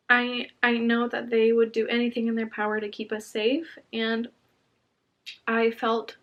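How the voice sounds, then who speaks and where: A young woman shares a personal story with her viewers from home. Her voice sits slightly high and sounds soft and earnest. She pauses, trails off and starts her sentences again. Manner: halting, with pauses and restarts. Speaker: vlogger.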